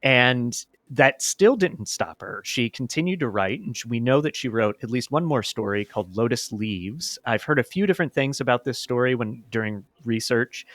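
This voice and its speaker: Male podcast host, animated storyteller, dry close sound, faint music underneath. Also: medium pitch, no echo. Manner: animated, plays characters in reenactments.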